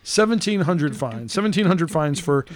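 A man's voice: on the high side, animated. A man hosting a casual podcast, reading out names and scores in a playful, teasing way. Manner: playful, teasing, quick to laugh. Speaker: podcast host.

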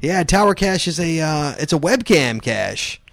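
A man's voice: a little high, big pitch swings, a little slow, creaky, a bit bright, no room sound, studio quality. A man hosting a casual podcast, joking and laughing often with his co-host. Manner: jokey, laughs a lot, exclaims.

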